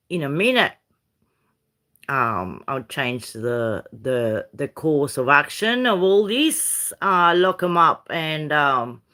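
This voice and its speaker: Slow-talking Uruguayan woman ranting casually. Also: deep voice, fairly bright tone. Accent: Uruguayan Spanish. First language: Spanish. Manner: chatty, rambling, Aussie slang and swearing. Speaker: vlogger. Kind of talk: casual rambling rant.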